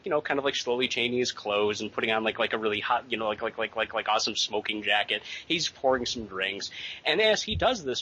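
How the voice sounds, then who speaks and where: A man in his late thirties co-hosting a casual podcast, rambling excitedly with lots of fillers and swearing. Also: medium pitch, slight background noise. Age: late 30s. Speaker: podcast co-host.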